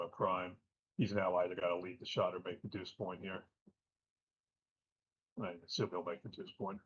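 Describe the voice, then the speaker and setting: A man's voice: low-pitched, husky. Male commentator, thoughtful, filler-heavy, muffled stream sound. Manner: halting, filler-heavy, analytical. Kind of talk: live game commentary. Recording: dull lo-fi stream audio.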